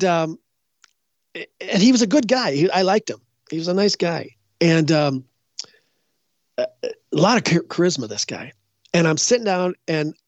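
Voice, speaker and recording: A man's voice: on the high side, no echo. Rambling older man telling stories. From Minnesota, US. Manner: rambling, with many restarts and fillers. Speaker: guest psychic. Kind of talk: casual interview storytelling. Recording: dull, dry lo-fi sound.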